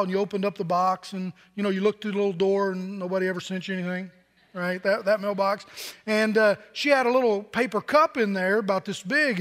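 Male pastor, 60s, high voice, chatty storytelling sermon, long church-hall reverb. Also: fairly bright tone. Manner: storytelling, conversational, with fillers and asides.

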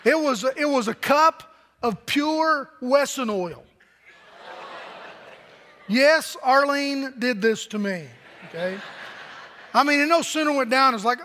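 Male pastor, 60s, high voice, chatty storytelling sermon, long church-hall reverb. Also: slow, long pauses, sharp tone. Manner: storytelling, conversational, with fillers and asides.

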